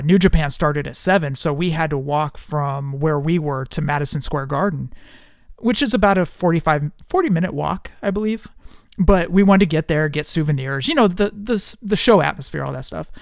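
High-voiced easygoing podcast host. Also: male voice, gravelly, no echo, clean studio sound. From US West Coast. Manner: easygoing storyteller, laughs often. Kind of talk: casual chat.

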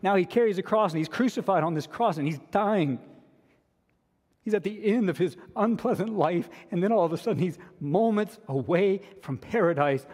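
Earnest preacher in a reverberant hall. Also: male voice, sits high, a little mellow, breathy edge. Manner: earnest, repeats key phrases for emphasis. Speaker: pastor. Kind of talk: preaching a sermon.

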